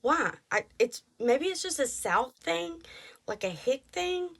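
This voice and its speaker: A woman's voice: high voice, sing-song, vocal fry, a bit bright. A woman in her late thirties from Texas with a thick Texan accent, chatting casually and rambling as a podcast host. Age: 30s. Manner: rambling, self-deprecating, quick asides and mock voices. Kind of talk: casual chat.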